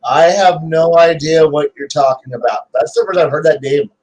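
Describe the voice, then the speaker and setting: Loud, plain-spoken man, higher voice. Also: normal speed, poor audio. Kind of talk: casual podcast chat.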